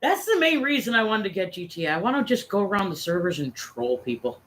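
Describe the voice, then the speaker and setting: A woman in her forties chatting casually on a stream, telling profane, animated stories and acting out the people she quotes. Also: medium pitch, fast, a little hiss or hum, low-quality recording. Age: 40s. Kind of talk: casual storytelling chat.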